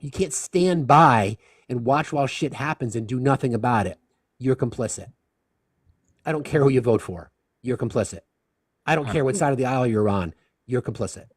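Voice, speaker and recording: A man hosting a live discussion stream, speaking with impassioned, rapid-fire rhetorical questions. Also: mid-range voice, darkish tone, dry recording, studio quality. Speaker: livestream host.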